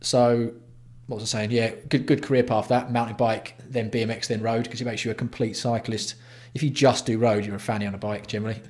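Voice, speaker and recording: A man's voice: mid-range voice, little pitch movement, brisk. A man from England hosting a casual livestream, greeting viewers by name with blunt, sweary banter. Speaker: livestream host.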